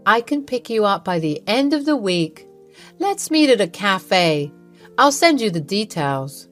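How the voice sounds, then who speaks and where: Brief: woman reading a sly, coaxing male charmer, storybook drama, slow steady delivery. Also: medium pitch, soft background music. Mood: smooth. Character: sly flirting suitor posing as a celebrity, male.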